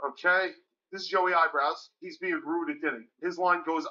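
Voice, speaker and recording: A man in energetic prank show banter, laughing and giving directions, in slightly muffled TV audio. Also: a little high, moderate pace.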